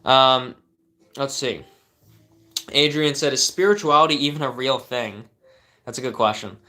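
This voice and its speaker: A man's voice: medium pitch, unhurried, sharp tone. A young man hosting a live stream, answering viewer questions with earnest coaching advice and frequent fillers and restarts.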